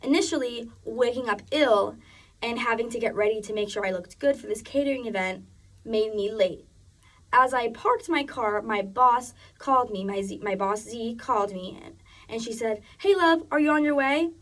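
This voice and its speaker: A woman's voice: on the high side, normal speed, fairly bright tone, distant mic. A young woman giving a personal narrative speech, chatty and full of restarts. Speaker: student speaker.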